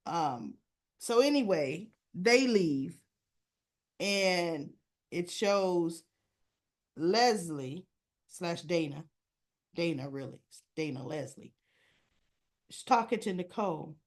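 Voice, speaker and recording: A woman's voice: on the low side, lively intonation, slow pace, pauses often. A woman casually recapping a soap episode in a chatty way full of fillers. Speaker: soap opera recap vlogger.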